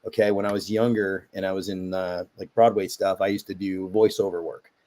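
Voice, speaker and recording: A middle-aged man, a guest on a podcast, chatting casually and telling animated, rambling stories. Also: low-pitched, brisk.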